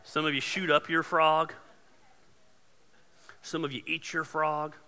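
A man preaching a sermon as pastor, casual and joking, building to loud emphatic points. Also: fairly high pitch, flat delivery, slow pace, smooth, big-room sound.

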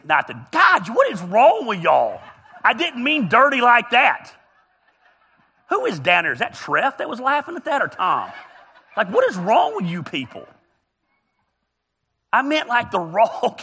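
Preacher guy, husky bright voice, jokey and chatty with the crowd. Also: sits high. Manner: joking, chatty, teasing the congregation. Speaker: pastor. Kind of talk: humorous sermon storytelling. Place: church auditorium.

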